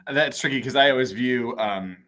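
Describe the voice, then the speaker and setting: A man's voice: medium pitch, brisk, fairly bright tone. A middle-aged man chatting casually on a video call, rambling with many fillers. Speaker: mayor.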